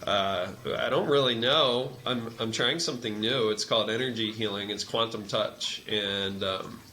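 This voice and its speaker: Bright-voiced man telling a lively story. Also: fairly low pitch, normal speed. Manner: animated storyteller who acts out quoted dialogue. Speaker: massage therapist and energy healer; meditation teacher. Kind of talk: conversational storytelling.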